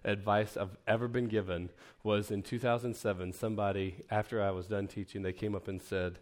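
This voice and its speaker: A man's voice: lowish voice, flat delivery, a little fast, hardly any pauses, darkish tone. A man leading an informal teaching session for preachers at a camp, talking conversationally with self-deprecating asides and frequent restarts. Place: camp meeting room.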